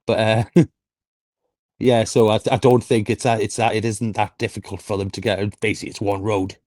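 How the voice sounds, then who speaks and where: A man's voice: fairly low pitch, level tone, normal speed, darkish tone, no room sound, studio quality. A man co-hosting a podcast, laid-back and jokey, often laughing and restarting his sentences. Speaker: podcast co-host. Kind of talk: casual wrestling podcast chat.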